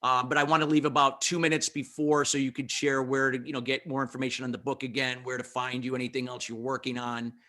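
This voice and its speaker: A man's voice: mid-range voice, flat delivery, fast talker, hardly any pauses, bright, forceful tone. A man hosting a radio interview show, enthusiastic and affirming toward his guests.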